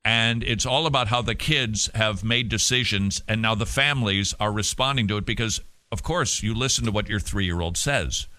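A man's voice: lowish voice, normal speed, hardly any pauses, bright, forceful tone. A man hosting a talk show, giving emphatic, sarcastic commentary. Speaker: host.

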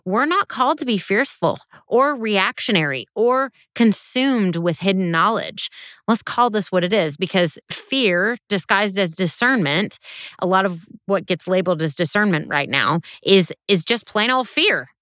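A woman's voice: medium pitch, animated, unhurried, a bit bright, no room sound, clean studio sound. A woman hosting a podcast as a biblical counselor, speaking in a direct, emphatic, teacherly monologue.

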